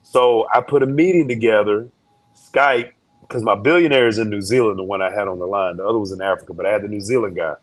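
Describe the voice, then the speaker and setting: A man, a guest in an interview, telling a story in a joking, slangy, animated way. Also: lowish voice, fast, dry recording.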